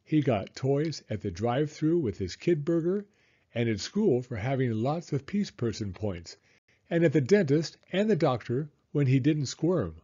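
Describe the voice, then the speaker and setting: A man reading a children's picture book aloud with expressive emphasis. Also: mid-range voice, slightly rough, highs cut off. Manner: expressive, slow and animated. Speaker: children's storyteller. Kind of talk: read-aloud storybook narration.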